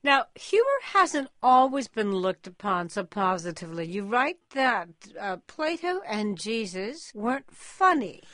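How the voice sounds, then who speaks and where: Lively woman radio host, dry studio sound. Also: mid-range voice, measured pace, hardly any pauses, no room sound. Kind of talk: public radio interview.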